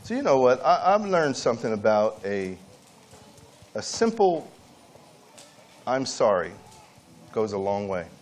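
A man preaching a sermon at a church camp meeting, swinging between high, pleading emphasis and quiet asides. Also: big pitch swings, normal speed.

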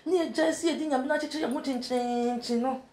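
A woman's voice: high-pitched, steady tone, normal speed, a little mellow, echoey room. A woman from Ghana, a talk show guest, giving earnest advice and quoting scripture. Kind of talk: casual studio chat.

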